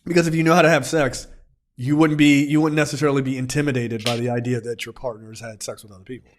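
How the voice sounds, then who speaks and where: A man's voice: mid-range voice, fairly even intonation, quick pace, a little hiss or hum. A man co-hosting a film review podcast, casually recapping scenes and acting out characters' lines.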